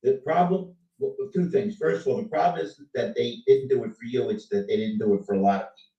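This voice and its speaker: A man hosting a casual online chat, animated and teasing, his voice rising and falling as he talks. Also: mid-range voice, fast. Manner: animated, teasing, swings loud and soft. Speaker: host. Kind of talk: casual chat on a video call. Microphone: video call. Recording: dull, roomy sound, distant from the mic.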